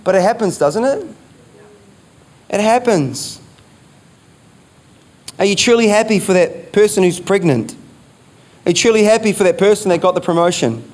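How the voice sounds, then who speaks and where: Emphatic New pastor, higher voice. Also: male voice, lively intonation, normal speed, long pauses, darkish tone. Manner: emphatic, repeats key phrases, rhetorical questions. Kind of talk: sermon.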